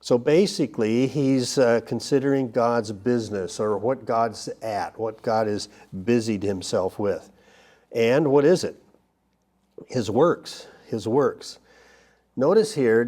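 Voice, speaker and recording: A man's voice: mid-range voice, warm tone. A man teaching a Bible study lesson, talking it through loosely with frequent restarts and fillers. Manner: halting, many restarts and fillers.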